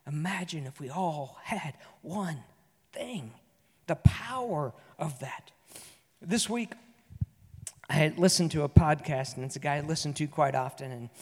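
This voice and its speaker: A man preaching a sermon as pastor, telling a story earnestly and moving between loud and soft delivery. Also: high voice, in a large hall. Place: church sanctuary.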